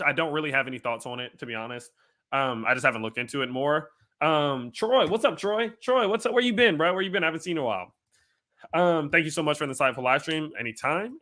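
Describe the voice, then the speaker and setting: Man, Louisiana accent, bright ringing voice, mid pitch, casual livestream host, lots of ums. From Louisiana, USA. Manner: loose and filler-heavy, with frequent "um" and "you know", speaking directly to viewers. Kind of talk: casual livestream talk, reading viewer chat aloud.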